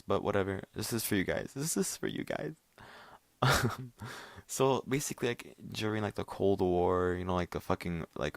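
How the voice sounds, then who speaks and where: A man's voice: sits low, dry recording. A young man in his late teens talking alone at home late at night, rambling and swearing, full of fillers and restarts. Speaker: vlogger. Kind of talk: rambling casual monologue.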